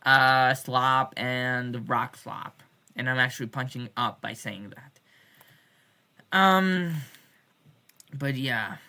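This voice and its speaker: Woman, bright and sharp tone, loose irreverent vlog rant with jokey swearing. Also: very deep voice, drawn-out words, pauses often. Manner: rambling, irreverent, swears jokingly; many restarts and fillers. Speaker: music fan. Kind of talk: casual video diary rant.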